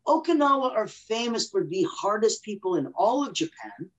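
A man's voice: high voice, big pitch swings, normal speed, fairly bright tone. A man as a guest on a podcast interview, explaining with energy and acting out inner voices. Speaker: guest expert.

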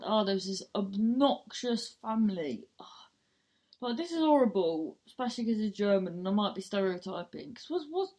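A woman's voice: mid-range voice, a little mellow. Young woman, podcast host, casual rambling monologue, sweary, chatty.

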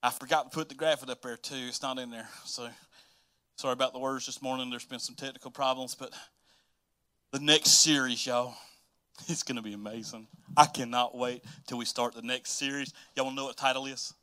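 A man's voice: mid-range voice, steady tone, fairly quick, sharp tone. A middle-aged male pastor preaching a casual, chatty sermon and repeating phrases for emphasis.

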